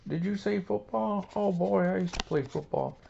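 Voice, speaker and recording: A man's voice: high-pitched, normal speed, gravelly, highs cut off, a little hiss or hum, pitched above the performer's own voice. A man putting on a raised, stammering old-man impression of Gerald Ford as an eager football fan. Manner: excitable, stammering, exclaims "oh boy".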